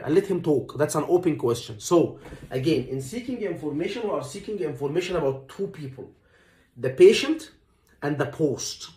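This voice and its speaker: A man's voice: on the high side, animated, normal speed, dark tone, echoey room, distant mic. A man teaching medical exam stations in a lecture, repeating key points emphatically and acting out sample dialogue. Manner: repetitive, emphatic, acts out dialogue lines.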